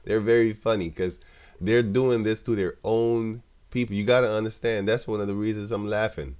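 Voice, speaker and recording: A man's voice: on the low side, fairly even intonation, moderate pace, darkish tone, clear, resonant tone. A man giving casual scripture commentary, laughing often and speaking in a mocking, scornful, rambling way. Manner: loose and rambling, with many restarts. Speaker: religious commentator.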